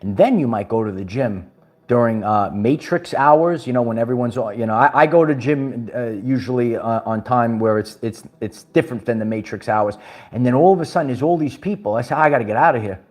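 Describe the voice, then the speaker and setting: A man's voice: medium pitch, fairly quick, a little mellow. A man from Brooklyn, talking to his viewers in an emphatic, preachy way and repeating his phrases. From Brooklyn, New York. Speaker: spiritual empowerment vlogger. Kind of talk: livestream motivational talk.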